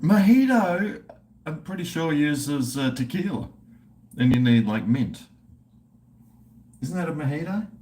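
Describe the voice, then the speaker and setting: A middle-aged Australian man holds a loose, profane livestream chat with his viewers. He talks at an unhurried, drawn-out pace, and his pitch swings widely. He comes across as rambling and chatty. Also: sing-song, darkish tone. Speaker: livestream host.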